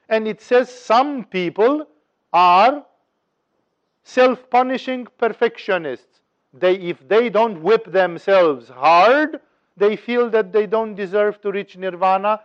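A man giving a spiritual teaching talk, telling parables with wry humor and acting out their voices. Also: sits high. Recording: dull lo-fi recording.

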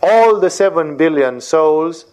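Male spiritual teacher, fairly high voice, lively and rhetorical, lecturing on scripture. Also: slow pace. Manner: animated, rhetorical, asks "No?" for agreement.

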